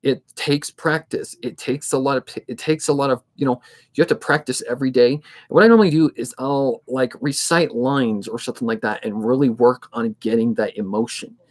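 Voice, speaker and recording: A man in his twenties chats casually on a livestream, his voice sitting at an ordinary middle pitch. He talks in a steady, somewhat monotone way. He rambles and thinks aloud with plenty of fillers, like a narrator of fan readings. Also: brisk. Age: 20s.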